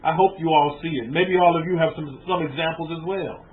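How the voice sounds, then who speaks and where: A man's voice: on the high side, fairly quick. A man giving a rabbi's informal sermon to a small group in a room, asking his listeners rhetorical questions and repeating words as he goes. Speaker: rabbi teaching a congregation. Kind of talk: conversational sermon lecture. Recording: tinny phone-like lo-fi with faint noise.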